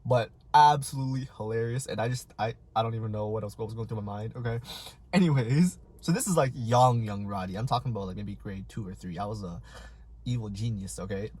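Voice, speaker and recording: Animated husky guy. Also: lowish voice, fairly quick. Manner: animated and self-mocking, acts out voices. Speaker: vlogger. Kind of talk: casual storytelling while eating.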